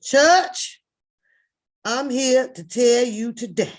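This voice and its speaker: A woman putting on a bold middle-aged preacher with a booming preaching cadence. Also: drawn-out words. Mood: preachy.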